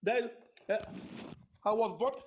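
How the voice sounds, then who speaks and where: A man with a Nigerian accent calling in, halting and stammering, mixing in Pidgin. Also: high voice. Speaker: caller.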